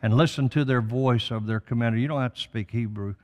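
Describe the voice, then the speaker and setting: A man's voice: mid-range voice, brisk, big-room sound. An older man, a guest on a talk show, speaking with emphatic, preacherly conviction about faith and prophecy. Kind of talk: impassioned religious talk.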